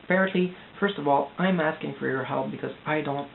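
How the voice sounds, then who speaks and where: Young guy in a panicky video diary, gravelly voice, tinny audio with hiss. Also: a little high. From Quebec, Canada. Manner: anxious, halting, repeats words and pleads. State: distressed. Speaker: vlogger. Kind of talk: rambling confessional video diary.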